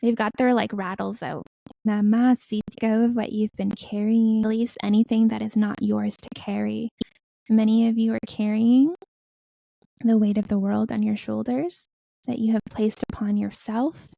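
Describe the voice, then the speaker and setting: A woman leads a guided meditation in a very dark, mellow voice with a gravelly fry. She speaks softly and slowly, sometimes whispering, and she chants in an invented light language. Her pitch sits fairly high but stays flat and even, and the sound is dry and close. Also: dry recording, poor audio. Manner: soft, slow, soothing delivery that drops into whispers. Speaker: guest spiritual healer.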